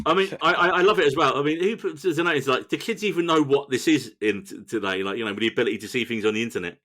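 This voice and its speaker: A man's voice: mid-range voice, very fast, fairly bright tone. A man co-hosting a film podcast, picking apart scenes with wry jokes in casual chat. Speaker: podcast co-host.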